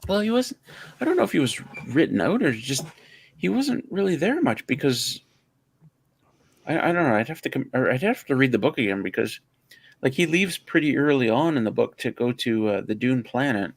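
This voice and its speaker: Gravelly man rambling in casual chat. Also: medium pitch, moderate pace. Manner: rambling, searching for words, animated. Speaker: livestream co-host.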